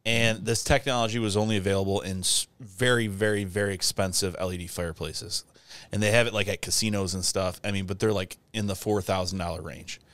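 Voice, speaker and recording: A man's voice: deep voice, brisk, no echo. Dry-voiced man, casual podcast chat. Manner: animated storyteller, laughs often, does silly voices. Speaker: podcast co-host.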